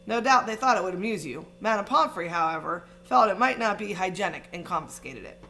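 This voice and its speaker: A woman reading aloud, voicing a kindly old male headmaster wizard who speaks in a calm, measured, gently wry way. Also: medium pitch, slight background noise.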